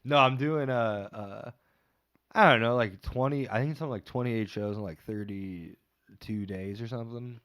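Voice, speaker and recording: A man's voice: mid-range voice, moderate pace, a bit bright. A man who is a stand-up comedian, chatting as a podcast guest and telling rambling, jokey stories full of fillers. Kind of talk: casual podcast chat.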